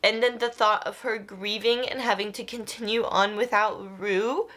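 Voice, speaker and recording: A woman's voice: medium pitch, steady tone, moderate pace, fairly bright tone. A young woman book vlogger chatting casually and animatedly about a novel, often laughing. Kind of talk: casual reading vlog.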